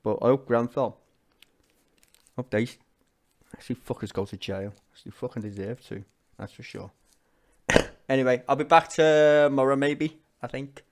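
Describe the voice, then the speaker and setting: A man's voice: mid-range voice, steady tone, moderate pace, pauses often. A man with a Liverpool accent, a streamer ranting angrily and swearing bluntly as he reacts to parliament. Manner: sweary, blunt, angry rant. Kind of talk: ranting commentary.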